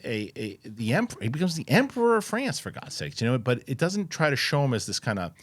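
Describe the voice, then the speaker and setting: A man hosting a casual chat show, talking in an animated, rambling way with many restarts and fillers. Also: medium pitch, fast, slightly rough, no echo. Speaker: host.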